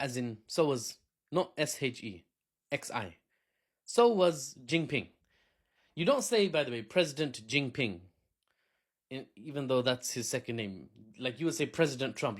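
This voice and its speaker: A man hosting a casual solo news commentary, jokey and chatty, who wanders into asides. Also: mid-range voice. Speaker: commentary host.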